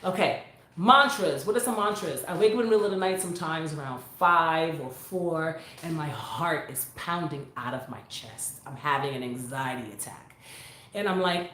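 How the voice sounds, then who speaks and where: A woman chatting casually with viewers on her phone, animated and talkative. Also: fairly low pitch, fairly quick. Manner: animated, chatty, bursts into sung vocal runs. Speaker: vlogger. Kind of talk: casual live chat to viewers. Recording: echoey room on a phone.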